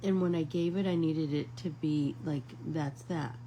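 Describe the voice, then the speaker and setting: A woman's voice: low-pitched, fairly even intonation, a little slow, warm tone, slight background noise, rough recording. A middle-aged woman hosting a casual live painting class, chatting to viewers like friends and rambling through stories. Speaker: art class host.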